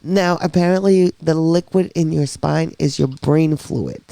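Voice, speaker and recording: A middle-aged woman telling her own story in a casual interview, animated, blunt and candid. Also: low-pitched, unhurried, creaky, dry recording. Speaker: podcast guest sharing her diagnosis story.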